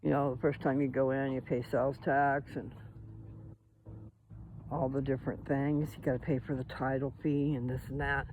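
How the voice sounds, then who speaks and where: A man's voice: medium pitch, level tone, normal speed, narrow, tinny audio, a little hiss or hum. A man rambling to his viewers as he walks outdoors along a path, recording on a handheld phone. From Colorado. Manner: rambling, talks to viewers while walking. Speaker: vlogger. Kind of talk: casual walking vlog.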